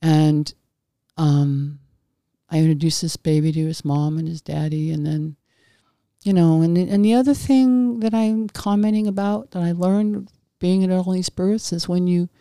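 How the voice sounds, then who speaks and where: A middle-aged woman, a former midwife hosting a podcast, talks in a meandering, folksy way, restarting her sentences as she shares stories and gentle reassurance. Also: fairly low pitch, steady tone, a little slow, no echo, clean studio sound. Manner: meandering, frequent restarts and self-corrections. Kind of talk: casual podcast monologue with anecdotes.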